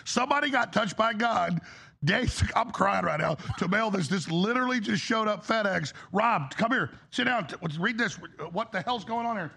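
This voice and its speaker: A man hosting a talk show, talking excitedly and cutting in over others. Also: sits high, normal speed, hardly any pauses. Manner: excitable, gravelly, interrupting. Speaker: host.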